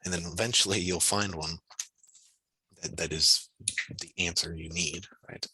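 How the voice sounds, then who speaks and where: Low-voiced casual male physics tutor. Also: steady tone, measured pace, bright, forceful tone, slightly rough, dry recording, low-quality recording. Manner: talks through his thinking aloud, casual and encouraging, with frequent fillers. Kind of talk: online tutoring session. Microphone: video call.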